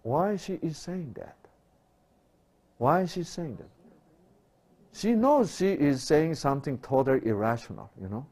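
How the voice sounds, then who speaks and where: Animated middle-aged male pastor preaching. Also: on the high side, unhurried, long pauses. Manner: animated, rhetorical questions, swings from loud to hushed. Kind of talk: sermon.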